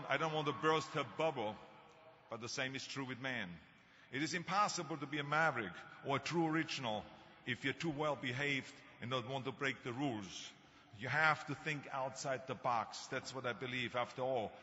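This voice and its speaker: A man in his sixties with a German accent delivers a commencement speech full of jokes and anecdotes, stressing his points firmly. His voice is bright and sits somewhat high for a man. It echoes through a long reverberant hall on slightly dull, lo-fi sound. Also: slight background noise. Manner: anecdotal, joking, emphatic. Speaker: commencement speaker.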